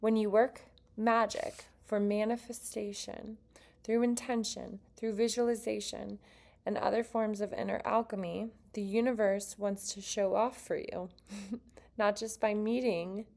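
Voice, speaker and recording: A woman's voice: medium pitch, fairly even intonation, measured pace, vocal fry, a little mellow. A woman giving a casual tarot card reading to her viewers, chatty and earnest, with self-aware asides as she reads. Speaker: tarot reader.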